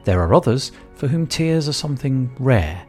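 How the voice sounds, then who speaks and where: A man hosting a podcast, giving a reflective, measured scripted narration. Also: mid-range voice, sing-song, darkish tone, faint music behind. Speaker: podcast host.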